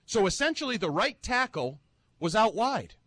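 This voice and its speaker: High, lively-voiced man ranting. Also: moderate pace. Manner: emphatic, repeats points for effect. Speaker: football analyst. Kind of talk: heated sports talk.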